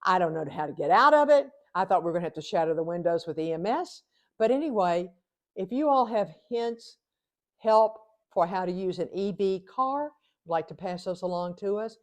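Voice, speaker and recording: A woman's voice: lowish voice, moderate pace. An older woman, telling a funny personal story as host and acting out the dialogue with animation. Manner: animated, acts out both sides of dialogue. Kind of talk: comic storytelling monologue.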